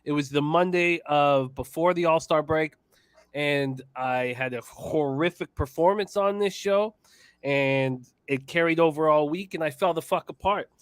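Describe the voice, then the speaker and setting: High-voiced, boastful man on a betting show. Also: a little slow, clean tone, no echo, studio quality. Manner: boastful, teasing, swears freely. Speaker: co-host guest. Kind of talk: casual sports betting chat.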